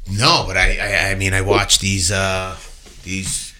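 A podcast host, a man with a rather low but very sharp, bright voice. He jumps in eagerly and trips over his words as he asks questions. A faint hiss sits behind him. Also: monotone, takes it slowly. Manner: eager, repeats words and stumbles. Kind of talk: casual podcast chat.

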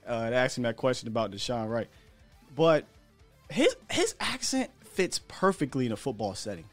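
A man's voice: medium pitch, very animated, moderate pace, soft background music. An American man hosting a sports podcast, talking in a chatty, candid way with slang and the odd chuckle. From United States. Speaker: podcast host. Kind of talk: casual sports talk commentary.

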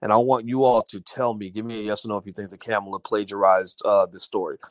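A man's voice: fairly low pitch, flat delivery, quick pace, no echo. A man hosting an audio-only livestream, talking casually to his chat and reading viewers' comments, with many fillers and restarts. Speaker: livestream host.

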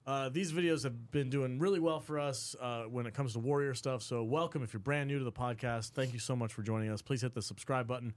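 A man hosting a casual podcast chat, excitable and quick to laugh. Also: medium pitch. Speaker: podcast host.

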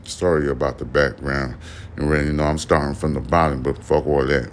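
A man's voice: extremely low pitch, level tone, fairly quick. A podcast host, reading news stories aloud and breaking off into profane, slangy asides to his listeners. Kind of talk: reading news with casual commentary.

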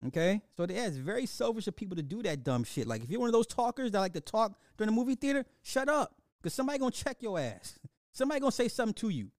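Animated profane man ranting casually. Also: fast talker, dry recording, clean studio sound. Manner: animated, profane, laughs often, swings between loud and low. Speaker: podcast host. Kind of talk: casual commentary rant.

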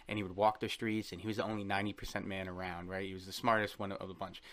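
A man in his thirties with a deep voice races through rambling, joking stories as a guest on a casual podcast chat, lively and playful throughout.

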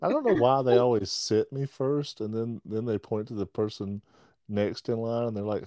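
A rather low-pitched man hosting a casual podcast. He rambles through jokey stories and laughs often. The sound is close and dry. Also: moderate pace, dark tone, no echo. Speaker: podcast host.

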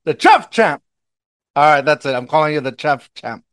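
A man with a Mexican accent hosting a podcast in casual chat, excitable and rambling, laughing often and restarting sentences. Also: a little high, moderate pace. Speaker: podcast host.

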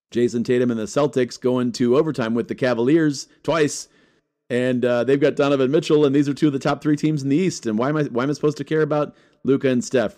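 A man hosts his own collecting channel, rattling off long lists of names with an energetic, joking delivery. He talks casually to his viewers and tosses in quick, teasing asides. His voice sits at an ordinary middle pitch. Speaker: sports card collecting vlogger. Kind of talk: casual talk to camera.

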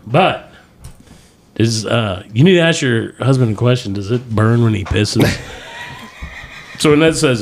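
A man's voice: medium pitch, expressive, a little slow, long pauses, a little hiss or hum. A man hosting a podcast, telling a crude funny story full of swearing and quoting people as he goes. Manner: profane, laughing storyteller who acts out quotes. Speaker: podcast host.

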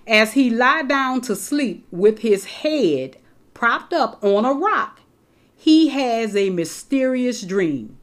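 A woman's voice: on the high side, lively intonation, takes it slowly. A woman preaches an emphatic sermon to her congregation. She repeats the key phrases and calls on her listeners directly. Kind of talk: sermon, Bible teaching.

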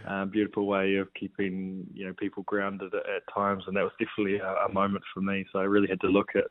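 A man, a retired rugby player talking as a guest in a laid-back, halting way. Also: deep voice, monotone. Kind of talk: casual interview chat. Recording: tinny phone-like line.

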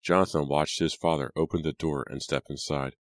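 A male audiobook narrator with an extremely low, deep voice, telling a spooky tale at a measured, dramatic pace. The recording is close and dry, with no room echo. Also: steady tone.

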